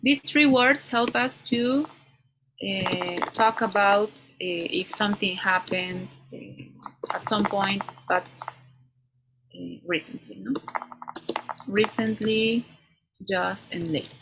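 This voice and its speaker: A woman teaching an English grammar class, explaining slowly and ending many points with "no?". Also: mid-range voice, noisy background. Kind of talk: online class lecture.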